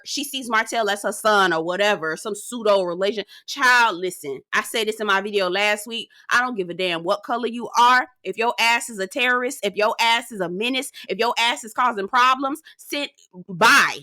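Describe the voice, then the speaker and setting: A woman's voice: mid-range voice, no echo, studio quality. A woman hosting a casual reality TV recap, telling it in an outspoken, sassy, profane and gossipy way. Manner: animated, gossipy storytelling. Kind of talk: casual commentary.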